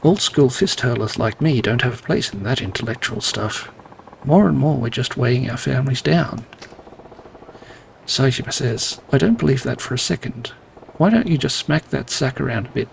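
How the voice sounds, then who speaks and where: A man's voice: medium pitch, normal speed, vocal fry, a little hiss or hum. A man playing a video game, reading the characters' lines aloud and adding dry, wry asides. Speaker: gameplay narrator.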